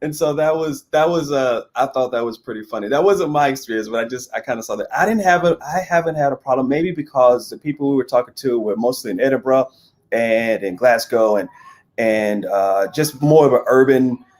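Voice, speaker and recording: A man's voice: mid-range voice, fairly quick, darkish tone. A man from the United States, a guest in a casual interview, talking candidly with frequent stammered restarts.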